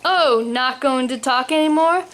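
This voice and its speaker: A woman's voice: high voice, measured pace. A woman reading a story aloud and voicing a sarcastic young man who mocks his father. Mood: teasing. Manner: teasing, sarcastic. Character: mocking young adult son, laughing at his dad.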